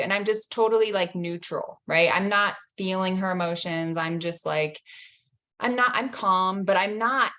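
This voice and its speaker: A woman in her thirties, a healing coach, talking gently and reflectively and sharing a story from her own family life. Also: mid-range voice, moderate pace. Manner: gentle, reflective, laughs lightly between thoughts. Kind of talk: casual teaching talk with personal story.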